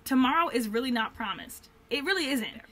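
A woman's voice: high-pitched, animated, a little fast, a bit bright. A young adult woman talking earnestly in a faith-based vlog, heartfelt and rambling with lots of fillers. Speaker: vlogger.

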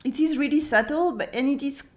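A French woman from France explaining spoken French in a scripted lesson, slowing down to model pronunciations. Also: high voice, a little hiss or hum. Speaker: French teacher.

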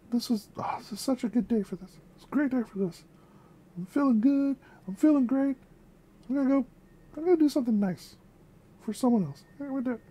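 A young woman talks casually to her viewers, gushing over what she just heard and repeating phrases for emphasis. Her voice sits a little high but sounds mellow and warm in tone. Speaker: music reaction vlogger. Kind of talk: casual reaction chat.

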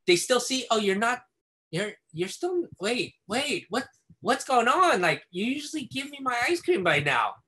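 A man's voice: very high-pitched, sing-song, normal speed, pushed and bright, voice pushed up, heavily acted. A man voicing a young child who whines and pleads, getting more upset when no ice cream comes. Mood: whiny.

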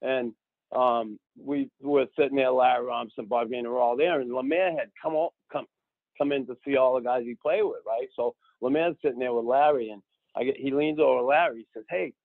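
A gravelly-voiced man tells a story in a casual, animated way, voicing the people in it and tagging lines with "right?". His voice sits at an ordinary pitch for a man. The sound is narrow and phone-like, with no room echo. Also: fairly quick. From Boston. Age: 60s. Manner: animated, acts out quoted people, keeps adding "right?". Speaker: podcast guest.

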